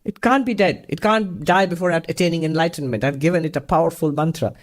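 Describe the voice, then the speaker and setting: A man's voice: a little high, quick pace, pitched above the performer's own voice, close to an everyday voice. A man voicing a wandering holy man who scolds a snake, with a raised, emphatic voice as he tells a story. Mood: scolding.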